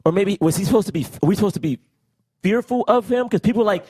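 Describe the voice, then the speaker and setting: Fast-talking rambling man. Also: sits high, a little mellow, slightly rough. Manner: fast, rambling, full of fillers and restarts. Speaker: podcast co-host. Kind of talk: casual chat.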